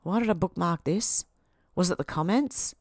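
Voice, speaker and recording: A woman's voice: on the low side, moderate pace, darkish tone, breathy edge, no echo, studio quality. Sarcastic Australian woman livestreamer. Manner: sarcastic, talks back at posts. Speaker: livestream host. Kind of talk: casual commentary on social media posts.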